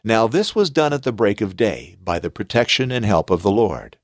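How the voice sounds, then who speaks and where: A man reading scripture aloud in a slow, solemn, deliberate manner. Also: fairly low pitch, very animated, no room sound, studio quality. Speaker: scripture reader.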